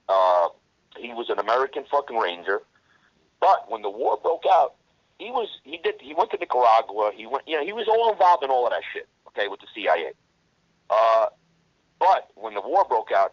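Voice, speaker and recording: A man's voice: mid-range voice, dry recording, dull audio. A man guest in an interview, telling a war story in blunt, profane language and often restarting his sentences. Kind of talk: casual storytelling.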